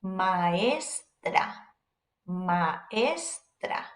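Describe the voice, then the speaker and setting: A woman teaching a beginner language lesson, pronouncing syllables one by one with slow, careful enunciation. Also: on the low side, animated, reverberant. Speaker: Spanish teacher.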